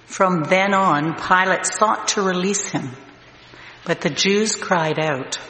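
A man reading scripture aloud as narration, slow and deliberate. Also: sits high, pushed and bright. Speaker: scripture reader. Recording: echoey hall, long reverb, faint noise.

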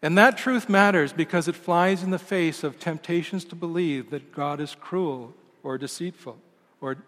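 A male pastor delivering a sermon in a measured, emphatic way, letting each phrase sink at its close. His voice sits a touch high for a man. It rings out with a long reverb through a large church hall. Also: a bit bright. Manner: measured, emphatic delivery with falling line endings.

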